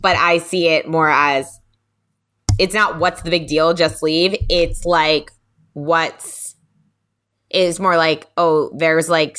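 Woman co-host, casual candid chat, vivid storyteller who swears freely, bright tone, dry sound. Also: sits low, dry recording. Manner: animated storytelling, quotes others, swears, laughs often. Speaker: podcast co-host.

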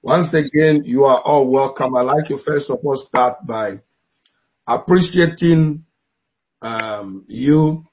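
A man's voice: medium pitch, takes it slowly, darkish tone, breathy edge, low-quality recording. A middle-aged man with an African accent, a bishop hosting an online church talk, laughing often and blessing his guests.

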